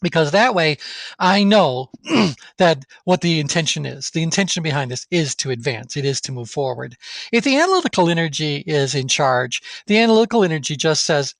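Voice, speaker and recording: A man's voice: fairly high pitch, very animated, normal speed, vocal fry, fairly bright tone, no echo. A man leading a live online training session, talking through ideas with the class in a conversational, think-aloud way and asking them questions. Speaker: course instructor.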